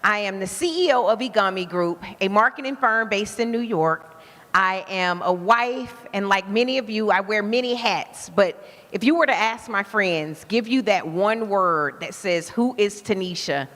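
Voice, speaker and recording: A woman's voice: medium pitch, normal speed, a bit bright. A woman with an Alabama accent giving a motivational talk to a live audience, engaging the crowd with questions. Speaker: guest speaker. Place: event venue with live audience. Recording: reverberant event hall.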